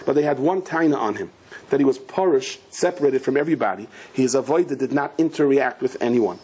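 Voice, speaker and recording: A man, a rabbi, giving an animated Torah lecture full of storytelling and Hebrew and Yiddish terms. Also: fairly quick, breathy edge. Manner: acts out the characters in a story with sudden high, shouting outbursts; sprinkles Hebrew and Yiddish terms into his English.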